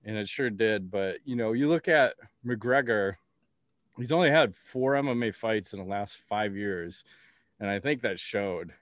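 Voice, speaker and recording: A man's voice: fairly low pitch, animated, a little slow, no room sound, studio quality. A man hosting a podcast in casual chat, blunt and rambling, swearing freely. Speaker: podcast host.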